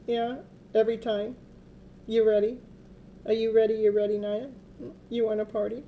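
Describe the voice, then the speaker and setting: A woman's voice: on the high side, little pitch movement, normal speed, long pauses, mellow, a little hiss or hum. A woman giving a casual tarot reading, chatting, laughing often and coaxing her dog. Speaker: tarot reader.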